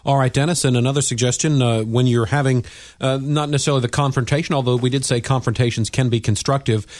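Fast-talking radio co-host, man. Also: medium pitch, fairly even intonation, darkish tone, dry recording, clean studio sound. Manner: quick, earnest, with restarts. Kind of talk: radio advice talk.

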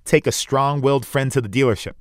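A man's voice: medium pitch, brisk, dry recording, studio quality. A man in his forties narrating a radio feature as a reporter, wry and self-deprecating. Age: 40s.

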